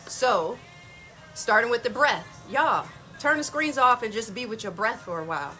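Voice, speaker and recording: A woman's voice: fairly high pitch, animated, normal speed, sharp tone, faint music behind. A middle-aged woman hosting a casual motivational talk, chatty and folksy, calling her listeners y'all. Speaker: wellness podcast host.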